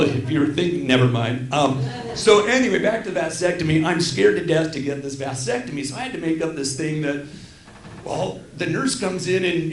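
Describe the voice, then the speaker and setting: Middle-aged stand-up comic, gravelly and slightly high voice, rambling and self-deprecating, roomy theater sound. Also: male voice. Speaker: stand-up comedian. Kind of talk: stand-up comedy set. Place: small theater stage.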